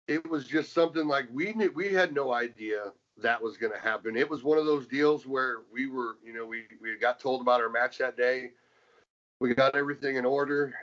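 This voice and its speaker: A man in a casual interview, recalling his wrestling days in a rambling, restart-heavy way. He gets animated when retelling exchanges. His voice is middle-pitched and the sound is dull and lo-fi. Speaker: former pro wrestler, guest.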